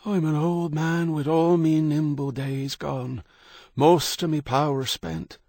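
A man's voice: on the high side, fairly even intonation, slow pace, darkish tone, no room sound, pitched above the performer's own voice. A man voicing a bitter, toothless old man with a cracked voice. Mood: weary.

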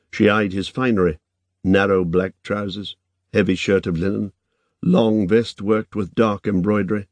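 A man reading a novel aloud in measured, even scripted narration. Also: lowish voice, no room sound. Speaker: audiobook narrator.

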